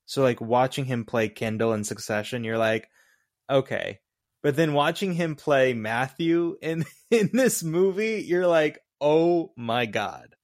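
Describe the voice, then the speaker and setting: A man co-hosting a podcast, chatting casually about a film, animated and excitable, with lots of filler words and frequent laughs. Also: a little high, unhurried, hardly any pauses, no echo, clean studio sound. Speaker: podcast co-host. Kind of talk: casual movie review chat.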